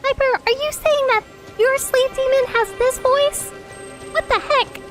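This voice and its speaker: A woman putting on a squeaky, strained, very high-pitched cartoonish girl voice during gameplay banter. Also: a little slow, loud music behind the voice. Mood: playful.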